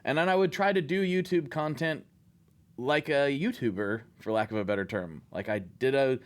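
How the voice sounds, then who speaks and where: A man hosting a podcast in casual chat. He tells stories in an animated way and acts out his own inner thoughts as he goes. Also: mid-range voice, normal speed. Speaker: podcast host.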